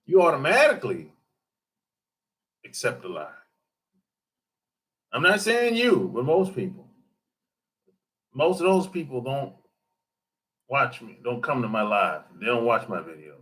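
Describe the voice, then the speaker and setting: A man's voice: mid-range voice, wildly swooping pitch, unhurried, pauses often, fairly bright tone. A man hosting a livestream, chatting casually and loosely, joking, answering viewers and mimicking how other people talk. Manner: loose, joking, talks back to chat, laughs often. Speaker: livestream host reading chat.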